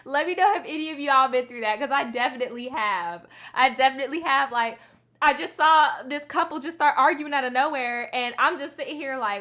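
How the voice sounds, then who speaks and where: A woman hosting a storytime channel, reading and reacting in casual, animated, profane commentary. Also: high-pitched, a little fast.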